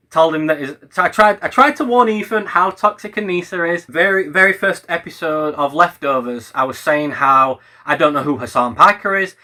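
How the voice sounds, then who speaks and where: A man's voice: on the high side, bright, forceful tone. A young man, a YouTuber, ranting on camera in a heated, sweary, sarcastic way. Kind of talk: ranting commentary vlog.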